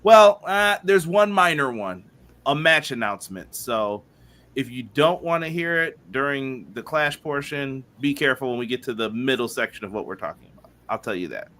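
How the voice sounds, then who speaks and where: A man co-hosting a wrestling podcast casually reads viewer chat messages aloud, greeting people by name in an upbeat live-stream chat. His mid-range voice has lively intonation at a normal speed.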